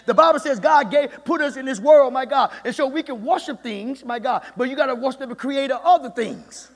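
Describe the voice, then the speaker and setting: A man preaching a sermon as pastor in a church, fervent and repetitive, often calling out "my God" and building to shouts. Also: very high-pitched, fairly quick. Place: church sanctuary. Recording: echoey church hall with long reverb.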